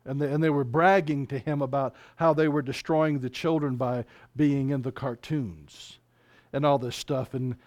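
A man preaching a fervent sermon, reading scripture aloud and speaking in quick bursts. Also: mid-range voice, fairly even intonation, darkish tone. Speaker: pastor.

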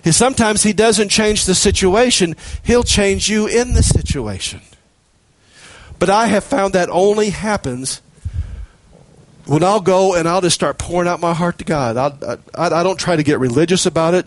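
A man preaching a sermon in a relaxed, conversational way, telling stories and acting out prayers in his own voice. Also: high-pitched, moderate pace. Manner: conversational, storytelling, acts out quoted prayers.

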